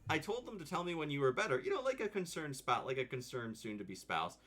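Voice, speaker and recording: A man voicing a flustered young man, a nervous fiance, in a prissy high whine. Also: big pitch swings, fast talker, fairly bright tone. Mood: fretful.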